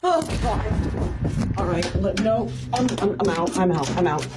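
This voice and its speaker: Slow, nervous woman filming on her phone. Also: medium pitch, expressive. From Illinois, USA. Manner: nervous, hushed, hesitant. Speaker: hotel worker filming herself. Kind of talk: phone video commentary.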